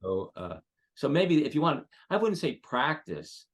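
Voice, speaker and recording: Here a headshot photographer, a guest on a web seminar, sounds very animated at a medium pitch. He gives advice in a meandering, stop-start way, leaning heavily on fillers.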